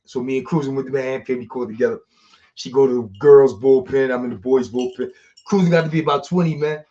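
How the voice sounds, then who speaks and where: A man, telling street stories in a slangy, animated way. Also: mid-range voice. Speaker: street storyteller. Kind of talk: casual storytelling monologue. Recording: dull lo-fi sound.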